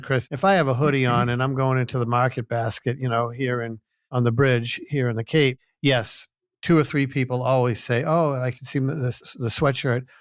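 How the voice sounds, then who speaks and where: A man's voice: mid-range voice, dry recording, clean studio sound. Chatty New man telling stories. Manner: chatty, anecdotal, easygoing. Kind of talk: casual storytelling chat.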